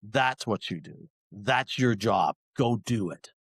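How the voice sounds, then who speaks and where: A man's voice: fairly low pitch, lively intonation, slow pace, slightly rough, no room sound. A man on a sports podcast panel, making his point in an emphatic, lecturing way. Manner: emphatic, lecturing, forceful opinions. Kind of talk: casual sports chat.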